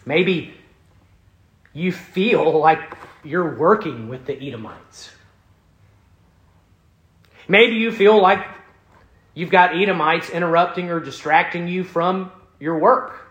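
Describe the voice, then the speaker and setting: A man preaching a sermon as pastor, earnest, building emphasis and then dropping soft. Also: on the high side, takes it slowly, long pauses, echoey room.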